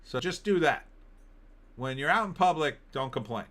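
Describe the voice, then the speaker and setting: A man's voice: on the high side, expressive, normal speed, a bit bright. A middle-aged man hosting a show, casually commenting on headlines in a sarcastic, ranting way. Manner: sarcastic, ranting, mocking asides in put-on voices. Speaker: host of an opinion show.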